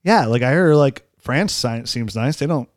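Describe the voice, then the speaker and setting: A man's voice: mid-range voice, animated, normal speed, dry recording, studio quality. A man in his forties hosting a podcast, joking around and laughing often in casual chat. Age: 40s. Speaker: podcast host.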